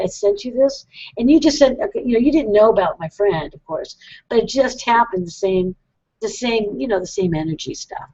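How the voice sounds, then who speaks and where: Rambling woman host, slightly high voice. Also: darkish tone. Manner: rambling, self-deprecating, laughs often. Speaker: psychic radio host. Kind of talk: casual call-in show chat. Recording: dull lo-fi web broadcast.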